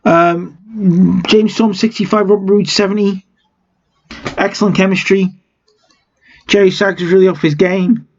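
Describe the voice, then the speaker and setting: A man's voice: sits high, fairly even intonation, measured pace, long pauses, darkish tone, dull audio, slight background noise. A man casually recapping a wrestling management game, chatty with wry asides. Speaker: game let's-player.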